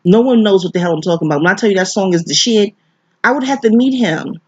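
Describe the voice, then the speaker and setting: Her husky, mid-range voice runs fast as this sleepy, groggy New Yorker wanders through a movie review, swearing and drifting off topic. It is a rambling, casual monologue on a slightly dull, dry recording with no room sound.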